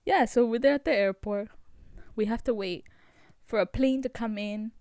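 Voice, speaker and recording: A young woman hosting a vlog, telling a story in a chatty, animated way with lots of fillers. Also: a little high, moderate pace, no echo. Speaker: vlog host.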